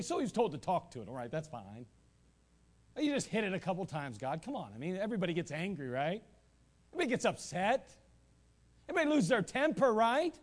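Guy pastor preaching, high voice, swings up and down a lot, keeps repeating himself. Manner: animated preaching with asides and repetition. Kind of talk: sermon. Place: church sanctuary.

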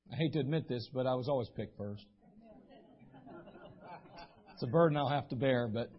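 A man with a high, husky voice preaches to his congregation, spinning folksy stories and briefly acting out the people he quotes. The recording sounds dull and muffled. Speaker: pastor. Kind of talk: sermon. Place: church sanctuary.

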